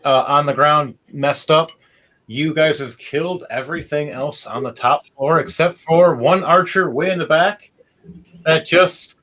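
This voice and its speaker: A man narrating a tabletop game as game master, animated and laughing often as he describes the action. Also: a little high. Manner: animated, laughs often, does quick voices.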